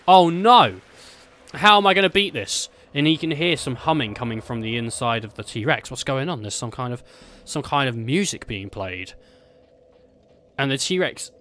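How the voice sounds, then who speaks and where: A man's voice: medium pitch, bright, forceful tone, no room sound. A man rambling through a silly made-up story while playing a game, swearing and laughing often. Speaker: gaming streamer.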